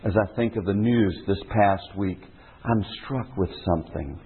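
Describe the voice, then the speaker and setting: A male preacher delivering a sermon with earnest emphasis, his voice husky and a little rough. The sound is narrow and phone-like, like an old tape of a church service. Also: lowish voice, moderate pace. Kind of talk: sermon with read-aloud novel excerpt. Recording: tinny phone-like sermon recording.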